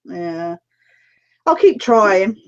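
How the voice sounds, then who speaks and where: A woman co-hosting a casual gaming chat, lively and quick to laugh. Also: medium pitch. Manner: lively, laughs often, agreeable. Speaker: podcast co-host. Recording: dull lo-fi audio.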